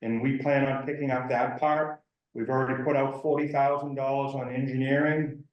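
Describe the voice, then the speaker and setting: A man explains a funding request at a town meeting, pausing often and filling gaps with "uh". His voice carries a roomy echo, and the recording sounds somewhat dull. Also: medium pitch, little pitch movement. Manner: hesitant, uses fillers, explains funding. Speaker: lighthouse preservation presenter.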